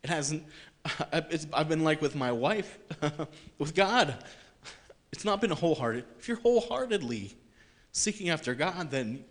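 A man giving an unscripted personal faith testimony, earnest and halting, with many restarts, repeated words and soft self-deprecating laughs. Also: fairly high pitch, animated. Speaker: lay speaker sharing a faith testimony.

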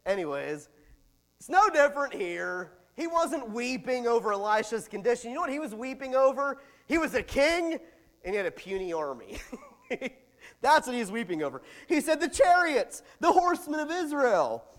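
A man pastor preaching a sermon, animated, with big swings in loudness and chatty asides. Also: very high voice, moderate pace, in a large hall.

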